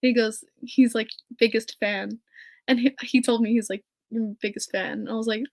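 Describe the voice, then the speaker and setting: Woman host, solo podcast, a touch high-pitched, giddy and gushing, laughs a lot. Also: moderate pace, gravelly. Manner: gushing, excitable, laughs often. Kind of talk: casual solo podcast chat.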